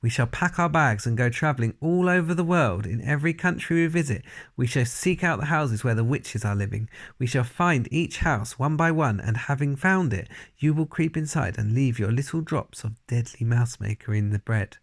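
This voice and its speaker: A man's voice: medium pitch, animated, normal speed, natural voice. A man voicing a clever young boy turned into a talking mouse in a storybook read-aloud, speaking eagerly and earnestly.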